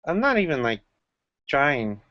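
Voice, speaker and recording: Animated joking man, dull dry mic. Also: on the high side, measured pace. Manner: joking, animated, laughs often. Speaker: stream host. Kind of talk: casual chat.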